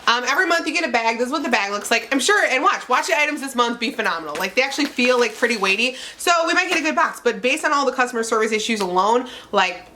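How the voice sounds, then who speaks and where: A young woman casually ranting in a beauty vlog, chatty and animated, packing her talk with fillers. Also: on the high side, fast, hardly any pauses, a little hiss or hum. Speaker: beauty subscription box reviewer.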